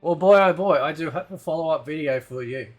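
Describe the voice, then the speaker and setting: A man's voice: on the high side, brisk, darkish tone, muffled recording, soft background music. A man hosting a ranting commentary video, loose and combative, who keeps asking "right?". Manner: loose, rambling delivery with fillers and swearing. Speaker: commentary channel host.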